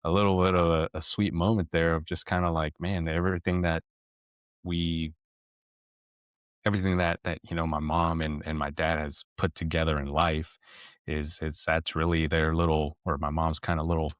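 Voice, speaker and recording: A man with a deep, low voice tells a family story on a parenting podcast. He rambles and restarts often, and his tone turns reflective. The sound is dry and close, with no room around it. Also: flat delivery, normal speed, clean tone, no echo. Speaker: podcast co-host. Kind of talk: casual storytelling chat.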